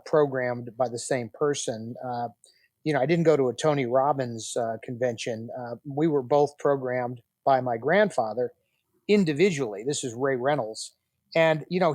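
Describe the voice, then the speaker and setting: In a storytelling interview, a podcast guest in his sixties recounts family stories with animation, acting out the quoted dialogue. His medium-pitched voice is captured in a clean studio with no echo.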